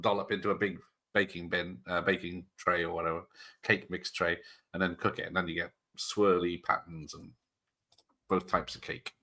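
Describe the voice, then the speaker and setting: Jokey host, slightly low voice with a bright edge, rambles happily through live commentary. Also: male voice. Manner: chatty, joking, rambling tangents. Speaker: watch party host. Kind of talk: casual live-stream commentary.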